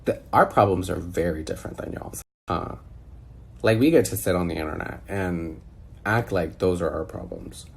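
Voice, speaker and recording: A man reacts over a phone call in a sassy, incredulous tone. His voice is husky and swoops all over. The talk stays loose and animated. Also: sits low, normal speed. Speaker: commentator reacting to a video. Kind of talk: casual reaction chat.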